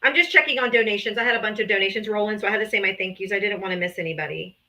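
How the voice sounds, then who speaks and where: This woman speaks in a mid-range voice, racing along with a sharp edge as she reads donations aloud on her livestream. Grateful and emotional, she thanks supporters casually, with the occasional laugh or sigh, through a streaming mic.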